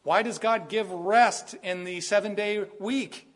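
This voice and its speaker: Animated preacher, fairly high voice. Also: male voice, unhurried. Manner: animated, acts out quoted voices, rising to bursts of emphasis. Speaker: pastor. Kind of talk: sermon.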